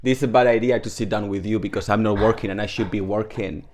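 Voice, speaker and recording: A language teacher whose first language is Spanish chats casually through an online Spanish lesson from home, packing his speech with "like" fillers and talking to his dog. His voice is fairly low, steady and darkish, his pace quick, with a little hiss or hum in the audio.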